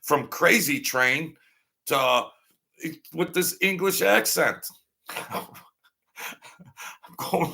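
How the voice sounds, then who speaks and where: A man's voice: a little high, extremely slow, creaky, long pauses, bright, forceful tone. A man hosting a casual livestream, telling meandering stories that trail off and restart. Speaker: livestream host. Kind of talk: rambling casual storytelling.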